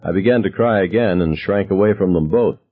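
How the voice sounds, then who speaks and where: A man with a low, husky voice narrates an audiobook in the first person. His telling is wry and reflective. The recording sounds dull and lo-fi. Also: a little fast.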